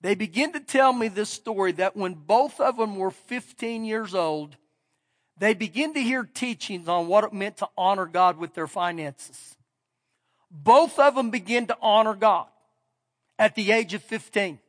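High-voiced preacher in a reverberant hall. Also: male voice, a little slow. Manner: folksy storytelling, emphatic build-ups. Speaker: pastor. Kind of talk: sermon. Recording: long reverb of a big hall.

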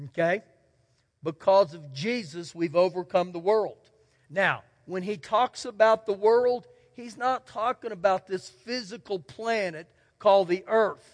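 A man whose voice sits high preaches unhurriedly as pastor in a church sanctuary. The folksy, emphatic sermon relies on storytelling and repetition of key words, with long church hall reverb.

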